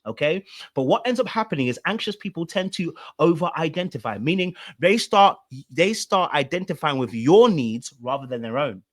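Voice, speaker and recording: A man's voice: fairly high pitch, very animated, normal speed. A man, a relationship coach, commenting on a played clip and explaining with repeated rhetorical questions.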